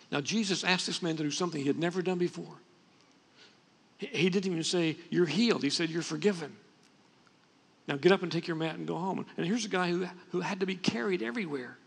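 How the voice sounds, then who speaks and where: A man's voice: on the high side, fairly quick, gravelly, slightly rough. A man preaching a sermon as pastor, in a conversational way with frequent restarts. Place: church sanctuary. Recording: long reverb from a church hall.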